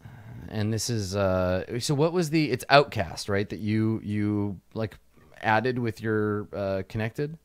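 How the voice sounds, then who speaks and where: Low-voiced man running a tabletop game. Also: takes it slowly, clean tone. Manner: rambling, many fillers and restarts. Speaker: game master.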